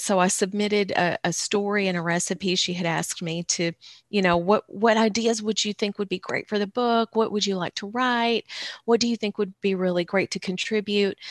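A woman's voice: lowish voice, no room sound. A middle-aged woman with a Southern American accent, an author telling her story in an interview, chatty and earnest with many restarts. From Southern United States.

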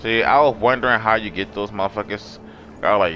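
A man giving excitable, profanity-laced let's play commentary, talking back to the enemies he fights. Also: fairly low pitch, quick pace, a little hiss or hum. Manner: excitable, swears a lot, talks to enemies. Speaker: gamer. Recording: background music.

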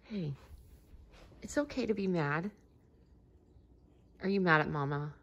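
A young woman talking as a mother in a casual home video, softly coaxing and gently repeating her questions. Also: fairly low pitch, lively intonation, slow pace, muffled recording.

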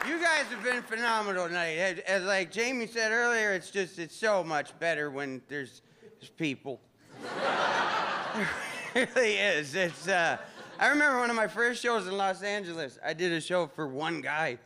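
Male comedian hosting over loud crowd. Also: high voice, animated, normal speed, background noise. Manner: loose, conversational, hyping the crowd. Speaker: headlining comedian and show host. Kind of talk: stand-up closing remarks. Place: comedy club stage. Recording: live club with loud crowd and music.

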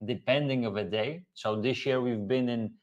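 A man's voice: medium pitch, normal speed, lo-fi sound. A man hosting a casual live Q&A, talking earnestly and repeating key phrases for emphasis. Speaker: host.

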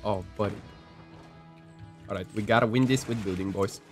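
A young man in casual gameplay commentary, excitable and joking, with playful exclamations. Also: on the low side, moderate pace, faint music behind. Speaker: gaming youtuber.

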